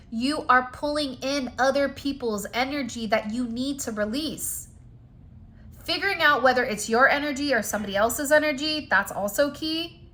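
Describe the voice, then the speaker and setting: A woman with a high, bright voice gives a spiritual reading straight to her viewers. She is chatty and emphatic and uses plenty of casual fillers. The tone is conversational and encouraging throughout. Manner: chatty, emphatic, addresses viewers directly with "like" and "you know". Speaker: spiritual card reader. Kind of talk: direct-to-camera spiritual reading.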